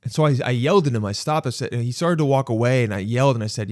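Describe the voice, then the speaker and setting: Animated male podcaster telling a story. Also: mid-range voice, racing, no echo, studio quality. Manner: animated, swearing, self-mocking. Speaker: podcast host. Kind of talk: casual storytelling monologue.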